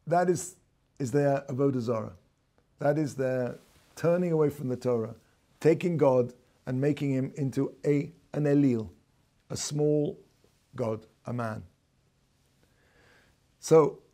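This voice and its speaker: A man, a rabbi, giving an explanatory lecture. He talks deliberately, stops to explain terms and corrects himself as he goes. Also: fairly high pitch, warm tone. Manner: reads out quoted passages in a raised voice. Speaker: rabbi teaching a class.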